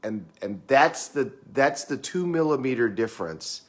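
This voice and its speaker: A man's voice: mid-range voice, lively intonation, measured pace. A middle-aged man giving a conversational motivational talk, often repeating words as he goes. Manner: conversational, repeats words, acts out quoted clients. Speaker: motivational speaker.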